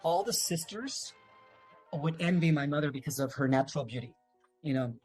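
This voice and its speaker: A man's voice: fairly high pitch, normal speed, darkish tone, breathy edge, soft background music. A man, a guest on an interview, telling a long family story in a loose, rambling way with many fillers and restarts. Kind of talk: casual storytelling.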